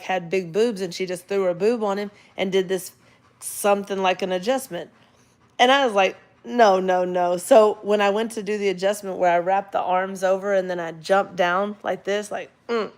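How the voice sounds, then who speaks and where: A middle-aged woman, a chiropractor casually telling a story and quoting the people in it. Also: mid-range voice. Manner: chatty, animated storyteller who quotes others in character. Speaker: chiropractor and vlog host.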